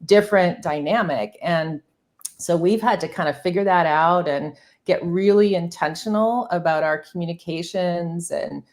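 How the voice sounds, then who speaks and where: A marketing agency founder in her fifties talks candidly as a podcast guest in a conversational interview, chatty and full of fillers and restarts. Her voice is fairly low and a little mellow, at normal speed.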